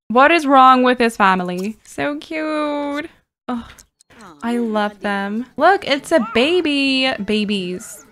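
A woman hosting a gaming video, reacting to the game in excitable, giggly casual commentary. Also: sits high. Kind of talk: casual let's-play commentary.

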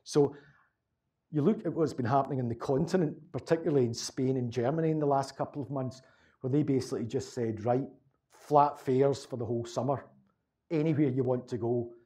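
A man's voice: mid-range voice, a little fast, warm tone. A Glaswegian man, a local historian, answering audience questions in a rambling, conversational way, often repeating words. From Scotland. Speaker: local historian giving a talk.

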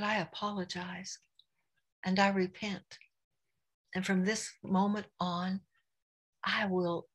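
A middle-aged woman giving an earnest, confessional devotional talk about faith, speaking her prayers aloud. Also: mid-range voice.

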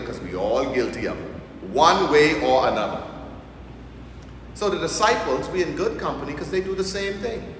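Fairly bright and a little high, this man's voice belongs to a priest preaching in church with a Bahamian accent. He jokes and leans on local vernacular, and the audio has a hall echo with faint noise underneath.

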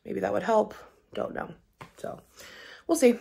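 A woman's voice: medium pitch, lively intonation, a little slow, vocal fry, long pauses, warm tone, slightly rough. A young woman casually vlogging at home to camera, chatty and giggly, full of "like" and "um". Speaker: lifestyle vlogger. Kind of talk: casual vlog chat to camera. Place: at home, bedroom.

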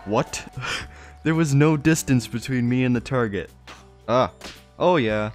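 Young man, gaming commentary, laughs a lot, bursts of surprise, slow-paced talk. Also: mid-range voice, faint music behind. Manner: excitable, laughs often, shouts in surprise. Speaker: gaming YouTuber. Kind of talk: game commentary.

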